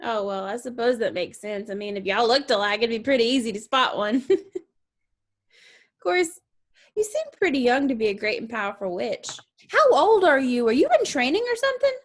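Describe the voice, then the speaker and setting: A woman's voice: a little high, animated, normal speed. Woman doing a bubbly Southern girl. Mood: curious. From New Orleans, US South. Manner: giggly, endlessly chattering, overly polite. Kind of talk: stage play acting.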